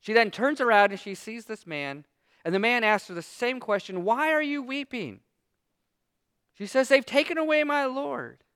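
A man's voice: high-pitched, lively intonation, normal speed, a bit bright, clear, resonant tone. A man preaching a sermon as pastor, reading scripture aloud and then retelling it with emphatic, driving delivery.

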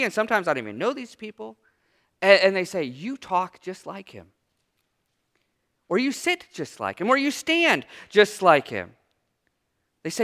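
A man preaching a sermon as pastor, with dramatic pauses, dropping low and soft on quoted lines. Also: in a large hall.

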